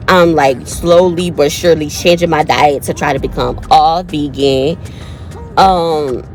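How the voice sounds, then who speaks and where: Low-voiced chatty woman with a cold. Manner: chatty, addresses viewers as y'all and honey. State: has a cold. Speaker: vlogger. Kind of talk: casual storytime chat.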